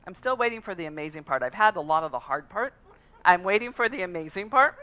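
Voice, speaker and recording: A woman's voice: lowish voice, animated, fast talker, sharp tone. Woman pastor telling personal stories. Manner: personal storytelling, conversational. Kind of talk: sermon. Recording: slightly dull lo-fi recording.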